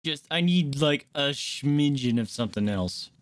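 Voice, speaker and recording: A man streaming a game live, chatting casually with viewers and reacting out loud. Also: mid-range voice, lively intonation, a little slow. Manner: chatty, greets chat, squeals when startled.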